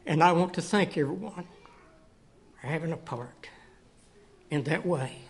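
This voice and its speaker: A man speaks to a congregation in folksy, storytelling fashion. His voice sits fairly high. He is a guest speaker giving testimony from the pulpit. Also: measured pace, vocal fry. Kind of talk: church testimony and sermon. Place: church sanctuary.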